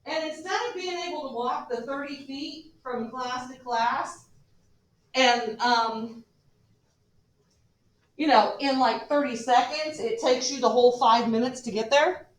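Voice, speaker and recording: A woman teacher lecturing her class, animated and joking with her students, recorded from a distance in a classroom. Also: high-pitched, a little slow. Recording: echoey classroom from far off.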